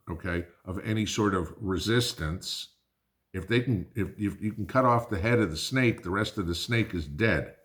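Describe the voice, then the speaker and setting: Speaking in a lowish voice, a prepping-channel host launches into an angry, blunt political rant, swearing and addressing his viewers as "guys."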